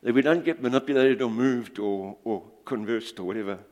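A man preaching a sermon in a church, animated and jokey as he tells stories and talks with the congregation. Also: mid-range voice, fairly quick. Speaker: pastor. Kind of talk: sermon with storytelling. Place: church hall. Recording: long reverb of a church hall.

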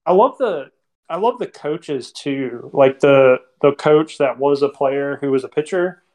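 A man in casual podcast chat about films, animated and quoting scenes. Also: medium pitch, unhurried. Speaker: podcast panelist.

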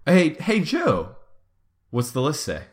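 A man's voice: a little high, huge pitch swings, slow pace. A young man hosting a comedy podcast, riffing and joking playfully with his co-hosts. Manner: goofy, laughing, playful riffing. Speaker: podcast host. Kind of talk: casual comedic podcast banter.

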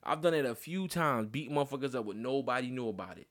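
A man chatting casually on a podcast at an ordinary pitch. He talks emphatically and profanely, piling on slang and repeating himself to drive his point home. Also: animated, fast, a bit bright. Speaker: podcast co-host. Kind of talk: casual chat.

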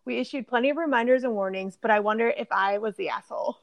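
A woman with a fairly high, gravelly voice reads a post aloud in a casual chat. Her delivery is animated and tinged with giggles. The sound is close and dry. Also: quick pace, no echo.

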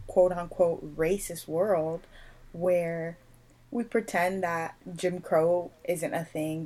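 A young woman from Puerto Rico talking in a casual podcast chat, animated and emphatic, acting out the people she quotes. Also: fairly low pitch, low-quality recording.

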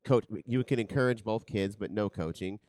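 A man's voice: lowish voice, normal speed, a little mellow. A man co-hosting a podcast in casual chat, blunt and joking and swearing freely. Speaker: podcast co-host and parent.

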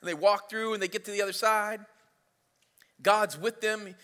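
High-voiced pastor in an echoing hall. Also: male voice, steady tone, normal speed, pushed and bright, smooth. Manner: casual, storytelling preacher, playful retelling. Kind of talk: sermon. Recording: reverberant hall.

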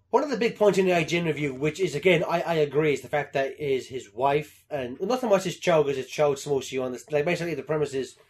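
A man chatting casually about movies, swearing a lot and slipping into loud mocking voices. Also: fairly high pitch. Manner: animated, profane, breaks into loud mock voices. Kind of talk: casual chat.

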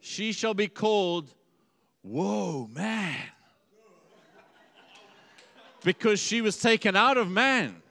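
A man's voice: high-pitched, animated, very slow, creaky, darkish tone, pitched above the performer's own voice, exaggerated voice. A preacher acting out a giddy, awestruck first man. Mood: delighted. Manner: exclaiming, giddy and breathless with wonder. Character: overjoyed first man, awestruck young groom.

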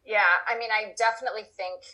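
A woman's voice: mid-range voice, fairly even intonation, fast talker, sharp tone, poor audio. A middle-aged woman answering interview questions as an expert guest, thoughtful and explaining through long everyday examples. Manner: thoughtful, talks in long examples with acted quotes.

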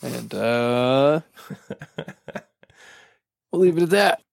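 Homem de fala lenta e rouca. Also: male voice, mid-range voice, animated, creaky, no room sound, studio quality. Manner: halting, with fillers and frequent laughter. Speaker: podcast co-host. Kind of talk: casual comedic chat.

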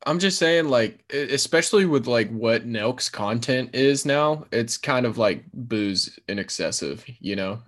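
A man co-hosting a podcast speaks at medium pitch, animated and unhurried, with hardly any pauses and a slightly bright sound. He curses often and peppers his loose, casual chat with "like" and "you know."

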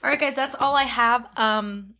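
A woman's voice: on the high side, moderate pace, bright, forceful tone, a little hiss or hum. A young woman co-hosting a podcast in casual chat, chatty and often laughing. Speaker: podcast co-host.

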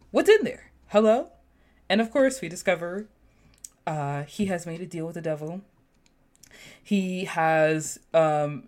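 A woman hosting a podcast in casual chat, sassy and animated, her voice jumping up when she exclaims. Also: on the low side. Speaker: podcast host.

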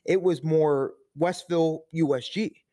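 High-pitched indiana guy ranting and telling stories, cusses a lot, podcast chat. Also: measured pace. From Indiana, USA. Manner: profane, animated storytelling. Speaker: nutrition shop owner, podcast guest.

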